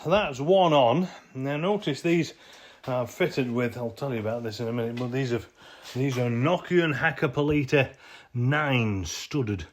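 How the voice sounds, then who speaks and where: A man filming himself beside a jacked-up off-roader, talking through his work in a rambling, self-correcting way on a handheld camera. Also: a little high. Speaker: vehicle owner showing his work. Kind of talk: casual hands-on how-to vlog. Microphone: handheld camera he films with himself.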